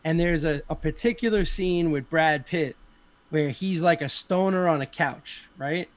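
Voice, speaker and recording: A man's voice: on the high side, a little slow, no echo. Rambling, swearing man in casual podcast chat. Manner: rambling, swears often, many fillers. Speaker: podcast participant.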